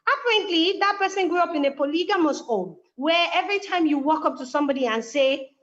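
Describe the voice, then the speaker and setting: A woman with a high voice tells a personal story, acting out the lines of the people in it. The recording sounds dull and lo-fi. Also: fast talker. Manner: animated storytelling with quoted dialogue. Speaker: guest speaker. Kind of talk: conversational explanation.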